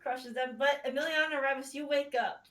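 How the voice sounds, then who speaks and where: A woman's voice: sits high, fairly even intonation, a little fast, a bit bright. A woman running a tabletop game as game master, narrating casually, rambling and laughing often, and swearing.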